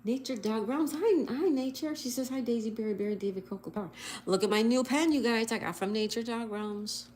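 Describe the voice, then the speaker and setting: A woman's voice: fairly high pitch, a little fast, a little mellow, slight background noise. A woman hosting a casual livestream, cheerfully spelling out words letter by letter and reading viewer comments aloud. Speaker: livestream host.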